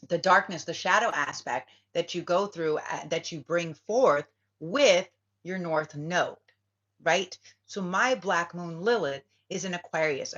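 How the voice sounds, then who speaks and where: A spiritual reader rambles casually in a vlog, speaking emphatically and swearing freely. Her voice sits low with a bit of brightness, and the sound is lo-fi.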